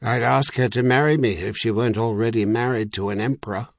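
A man's voice: medium pitch, fairly even intonation, a little fast, vocal fry, no room sound, studio quality. A man doing a wry young nobleman.

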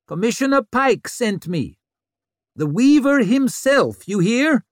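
A woman's voice: fairly high pitch, big pitch swings, slow, dry recording, studio quality, pitched above the performer's own voice. A man voicing a hard-bitten, weary female police chief inspector who talks bluntly and swears. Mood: stern. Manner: blunt and profane.

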